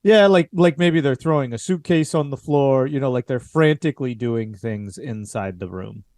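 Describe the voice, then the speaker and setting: A man's voice: medium pitch, moderate pace, a little mellow, no room sound. A man narrating a horror tabletop game as game master. His narration is loose and filler-heavy.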